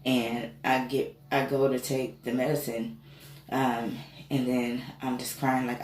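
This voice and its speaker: A woman telling a personal story in a casual, animated and candid way, swearing freely. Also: extremely low pitch, measured pace. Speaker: spiritual reader and reiki healer. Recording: echoey room with faint noise.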